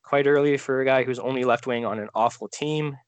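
Relaxed man thinking aloud, dry close sound. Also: medium pitch, brisk, dry recording. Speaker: podcast co-host. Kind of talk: casual fantasy draft chat.

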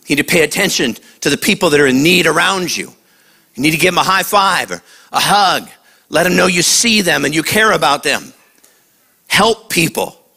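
A man preaching a lively sermon to kids, acting out voices and shouting at the high points. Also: slightly rough. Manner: animated, acts out voices. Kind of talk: sermon to a young audience.

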